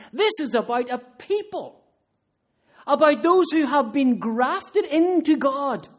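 A man preaching a sermon in an earnest, emphatic way. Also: very high voice. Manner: earnest, emphatic, with rhetorical questions.

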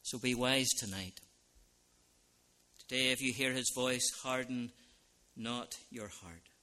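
A man preaching an evangelistic sermon as a minister, earnest, dropping to soft lines and rising to loud ones. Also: mid-range voice, slow.

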